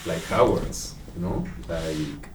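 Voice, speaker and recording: Very deep male voice, slow and halting, roomy and distant. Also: lively intonation, a little hiss or hum. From Mexico. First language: Spanish. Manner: halting, searching for words in a second language. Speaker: host. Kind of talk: casual interview. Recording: roomy, far from the mic.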